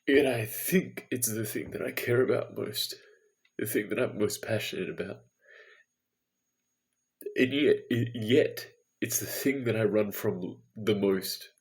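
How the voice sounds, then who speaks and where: A man's voice: on the low side, unhurried. A tired man talking to himself in an earnest, introspective video diary late at night. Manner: earnest, introspective self-talk. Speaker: vlogger.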